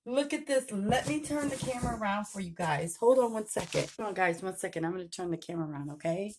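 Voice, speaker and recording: A woman, a YouTuber and self-published author, chatting through an excited unboxing vlog on her phone camera and gushing often. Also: medium pitch, fast talker, background noise. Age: adult with a daughter. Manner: gushing and excitable, repeats "oh my gosh". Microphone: phone camera held by hand.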